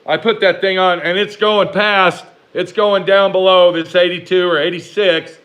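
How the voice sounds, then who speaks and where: A man telling a rambling personal story to the camera in a casual, animated way, swearing freely and talking back to imagined critics. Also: high-pitched, lo-fi sound. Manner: profane, rambling, talks back to imagined haters; animated, jumps between slow emphasis and rushed asides.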